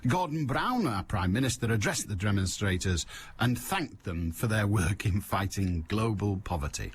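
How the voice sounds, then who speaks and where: A man hosts a call-in radio show, rambling through a comic monologue with a wry, jokey edge. His pitch is very lively, leaping high for emphasis and dropping low for asides. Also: moderate pace, a little hiss or hum.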